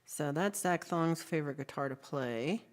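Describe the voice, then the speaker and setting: Low-voiced chatty woman livestreamer. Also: normal speed. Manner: chatty, reads viewer messages aloud, frequent ums. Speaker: livestream host. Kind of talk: casual livestream chat.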